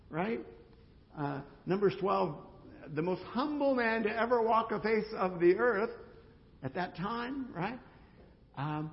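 An older male pastor preaches with a gravelly, slightly high voice, swinging from loud emphasis down to hushed, near-whispered lines. The sound is dull and carries a long church reverb. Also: a little hiss or hum. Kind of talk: sermon. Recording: dull hall recording with reverb.

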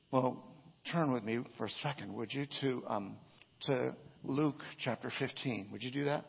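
A male pastor preaches with a gravelly, husky voice, telling a story in a rambling, conversational way. He keeps checking in with his listeners. The sound is muffled and lo-fi, with a long echo from a large church hall. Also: medium pitch, normal speed. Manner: conversational storytelling, frequent "right?" asides. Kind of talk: sermon. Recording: echoey hall, dull lo-fi sound.

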